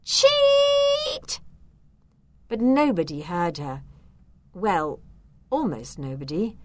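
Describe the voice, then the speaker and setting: Woman storyteller for a kids' book, slow, very lively pitch. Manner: expressive, unhurried. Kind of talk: children's story reading.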